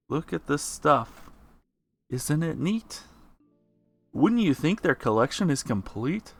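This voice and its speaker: Slow laid-back gaming streamer man. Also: fairly high pitch, very animated, no echo, soft background music. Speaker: gamer streamer. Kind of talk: live let's play commentary.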